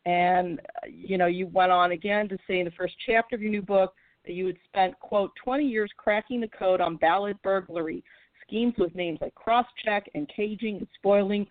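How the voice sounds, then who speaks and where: A woman interviewing a guest on radio, reading quotes aloud and pausing with fillers. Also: mid-range voice, steady tone, no room sound. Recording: dry, tinny phone line.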